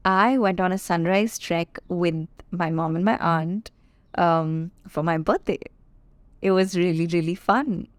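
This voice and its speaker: A woman's voice: lowish voice, no room sound. A woman in her twenties from India, hosting a solo podcast and chatting in a confiding, playful way with asides to her listeners. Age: 20s. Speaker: podcast host. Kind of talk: casual solo podcast chat.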